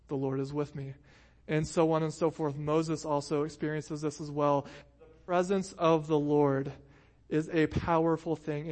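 A pastor preaching a sermon to his congregation in a conversational way, often checking in with "right?". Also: a little high.

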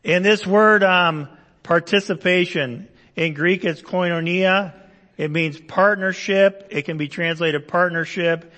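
Man, pastor, sermon, conversational, rhetorical questions, fairly high voice, long hall reverb. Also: a bit bright. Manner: conversational, explains verses with asides and rhetorical questions. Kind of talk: Bible-teaching sermon.

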